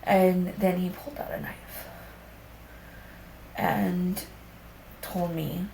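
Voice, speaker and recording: A woman's voice: lowish voice, level tone, very slow, pauses often, a little mellow. A young woman speaking candidly and rawly, telling a personal story in conversation and swearing casually. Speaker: podcast guest. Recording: echoey room with faint background hum.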